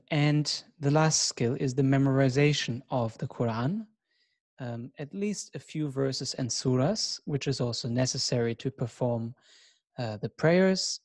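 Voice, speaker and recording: A man gives a course lesson at an unhurried, deliberate pace. His voice sits at an ordinary pitch and is recorded dry and close, with no room echo. He sounds measured and reflective and invites listeners to join in. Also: a little mellow. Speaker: course teacher. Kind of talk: recorded lecture.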